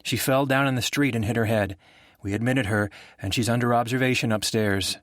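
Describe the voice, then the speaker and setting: A male narrator voicing a hospital doctor who breaks bad news in a measured, consoling but firm way. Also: medium pitch, fairly bright tone, no echo, studio quality, close to an everyday voice. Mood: calm. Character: calm hospital doctor, middle-aged man.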